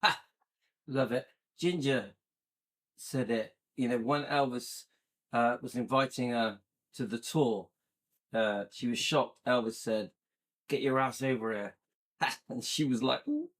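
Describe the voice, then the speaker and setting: Male host, mid-range pitch, admiring and upbeat, loose conversational delivery. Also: slow, fairly bright tone. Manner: enthusiastic, admiring, frequent fillers. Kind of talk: casual interview chat.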